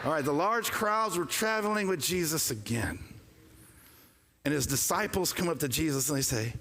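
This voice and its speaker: A man preaching a lively, joking sermon, calling for the congregation to respond. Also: on the high side, normal speed. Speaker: pastor. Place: church sanctuary. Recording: long reverb of a church hall.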